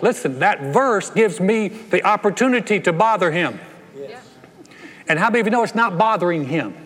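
A man preaching a sermon as pastor, animated and acting out playful voices. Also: high-pitched, fairly quick. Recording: long reverb of a large hall.

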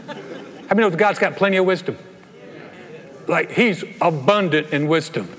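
A man preaching a sermon as pastor, animated and acting out playful voices. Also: fairly high pitch, brisk, pauses often. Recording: long reverb of a large hall.

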